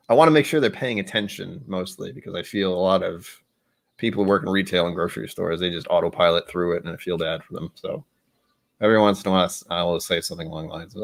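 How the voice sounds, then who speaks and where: A man's voice: low-pitched, fast talker, gravelly, a bit bright. A young American man hosting a casual live stream while tasting whiskey, rambling and interrupting himself, often slipping into playful voices. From United States. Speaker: stream host.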